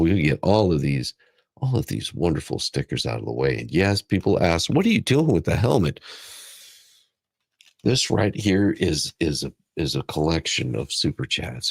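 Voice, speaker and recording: A man hosting a casual livestream, hoarse and raspy from a cold, chatty and thanking viewers. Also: very deep voice, dry recording, clean studio sound. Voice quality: raspy, gravelly. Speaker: livestream host.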